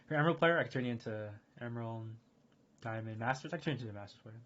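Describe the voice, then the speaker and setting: A man streaming casual chat, rambling and excitable, full of fillers and restarts. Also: mid-range voice, racing. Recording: dull lo-fi stream audio.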